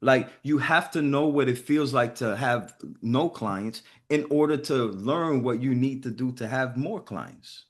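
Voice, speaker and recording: A man's voice: mid-range voice, unhurried, few pauses. A man hosting a group video call, giving casual motivational talk in a profane, emphatic way.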